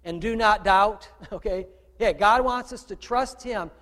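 A man, the pastor, giving a conversational sermon, asking his congregation questions and swinging from quiet talk to loud calls. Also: high-pitched, a little slow, long reverb tail. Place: church room with a congregation.

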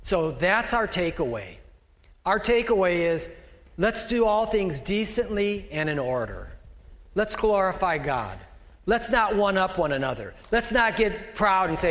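A middle-aged male pastor preaches from a raised pulpit in a conversational, folksy way, often breaking off to talk straight to his flock. His voice sits a little high for a man and rings out with the long reverb of a large church hall. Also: sing-song, measured pace, a bit bright. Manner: conversational, folksy preaching with asides to a slide operator. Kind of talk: sermon.

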